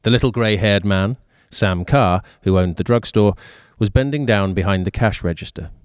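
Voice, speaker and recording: Low-voiced man reading a story. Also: clear, resonant tone, no room sound, studio quality. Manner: even, measured reading with occasional fillers. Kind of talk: reading a short story aloud.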